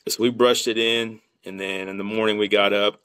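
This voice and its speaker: A man's voice: on the low side, moderate pace, smooth, no room sound. A man telling a hunting story on a casual podcast, acting out the quotes with lots of restarts. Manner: animated storyteller who acts out quotes, with many restarts.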